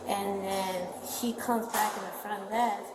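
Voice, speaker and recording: A woman's voice: medium pitch, fairly even intonation, a little slow, roomy sound, heavy background noise. A woman working an apartment front desk, telling police in a rambling, shaken way what happened and acting out what others said. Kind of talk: recounting events to police. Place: apartment building lobby. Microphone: police bodycam.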